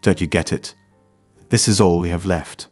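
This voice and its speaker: A man's voice: sits low, fairly even intonation, moderate pace, darkish tone, no echo, soft background music. A man voicing a frightened young woman who speaks in an anxious, pleading way.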